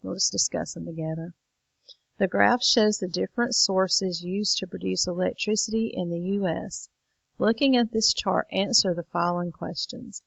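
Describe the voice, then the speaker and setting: Tired woman teacher, gravelly voice. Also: fairly low pitch, fairly even intonation, moderate pace, no room sound, rough recording. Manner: tired, yawning, apologetic. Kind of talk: recorded lesson walkthrough.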